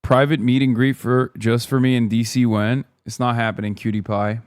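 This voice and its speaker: A man's voice: medium pitch, moderate pace, clear, resonant tone, no echo, clean studio sound. A man ranting through a casual livestream reaction, swearing and mocking the comments on a video. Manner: profane, animated ranting.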